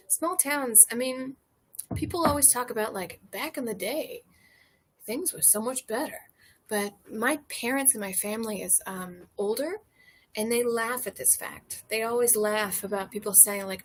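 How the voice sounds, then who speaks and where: A woman's voice: mid-range voice, normal speed. A young American woman streaming a casual chat, a little tipsy, rambling loosely with lots of fillers and swearing. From United States. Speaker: streamer chatting with viewers. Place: porch outdoors.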